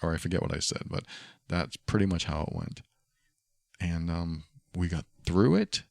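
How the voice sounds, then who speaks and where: A podcast host with a deep, gravelly male voice delivers a solo monologue at normal speed, his tone darkish, earnest and reflective. He keeps circling back to the same phrases as he works through his point. The recording is dry and close, with no room sound around him.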